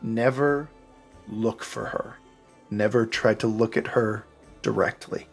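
Male dm narrating a tabletop session, slow and unhurried, kinda hesitant. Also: on the low side, breathy edge, soft background music. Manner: relaxed, hesitant, many restarts. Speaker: game master.

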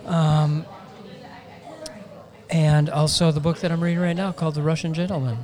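Halting man chatting on a podcast. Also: fairly high pitch, steady tone, a crowd in the background. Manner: halting, restarting sentences. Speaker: podcast co-host. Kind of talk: casual chat.

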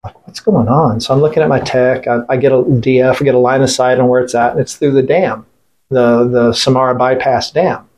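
A middle-aged man speaking at an everyday pitch, telling a story in a casual interview. He talks bluntly and swears freely, and he often breaks off and restarts his sentences. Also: little pitch movement, brisk, darkish tone, slight background noise. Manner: blunt, profane, rambling with restarts. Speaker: veteran guest.

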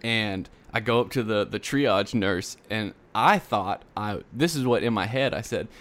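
A man's voice: on the low side, a little slow, fairly bright tone. A young man hosting a podcast, telling a long story in a rambling, casual way, laughing and acting out what people said. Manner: rambling, laughing, acts out quotes. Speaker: podcast host.

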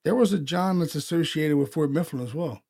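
Gravelly guy, casual paranormal podcast host, laughs a lot, curses easy. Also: fairly high pitch, a little fast, mellow. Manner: laid-back, swears, laughs often. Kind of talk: casual chat.

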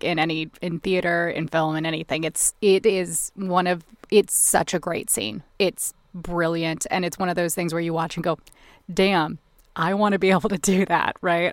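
A woman's voice: lowish voice, dry recording. A woman co-hosting a podcast, talking casually about a film in an effusive, emotional way. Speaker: podcast co-host.

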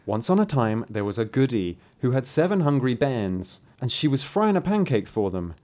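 Playful storyteller with a lively voice. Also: medium pitch, normal speed. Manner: playful, giggly, animated. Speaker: podcast host reading a folk tale. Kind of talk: storytelling with banter.

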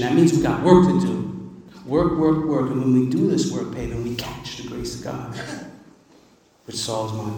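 A man's voice: medium pitch, warm tone. Man, emphatic recovery-meeting speaker, testimony, distant mic, echoing hall. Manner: emphatic, conversational, repeats words for emphasis. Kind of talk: personal testimony speech. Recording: echoey hall, distant mic, faint ambience.

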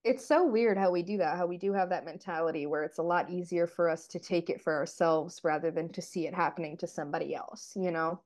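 Mellow low-voiced woman, chatty recap. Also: brisk, hardly any pauses. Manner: relaxed, chatty, uses many fillers. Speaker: podcast co-host. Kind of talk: casual TV episode recap chat.

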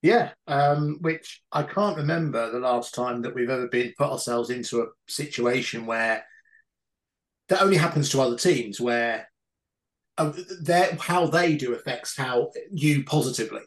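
A man's voice: medium pitch, moderate pace, low-quality recording. A man co-hosting a football podcast in casual chat, giving rambling, hesitant opinions. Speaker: podcast co-host.

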